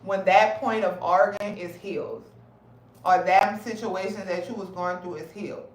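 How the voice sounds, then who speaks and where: A health advocate streamer rants bluntly on a casual livestream, swearing heavily and talking fast and heated with lots of animation. Her medium-pitched voice sounds roomy from a distant mic, and the recording quality is low.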